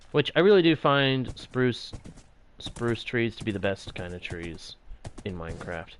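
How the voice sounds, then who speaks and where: A man's voice: on the low side, sing-song, measured pace. A man casually commenting on his own game as he plays, playful and jokily grumbling to himself. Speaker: gaming channel host.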